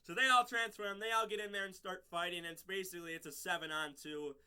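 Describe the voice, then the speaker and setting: A man's voice: high voice, fairly even intonation, fast, pushed and bright, smooth. A man casually recapping and reviewing a show episode, rambling with lots of fillers and restarts and laughing at his own slips.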